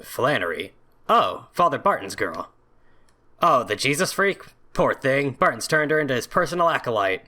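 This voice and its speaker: A man's voice: medium pitch, big pitch swings, normal speed, bright, forceful tone. A young man casually commenting on a video game, reading its text aloud, joking sarcastically and swearing often. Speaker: video game let's play host.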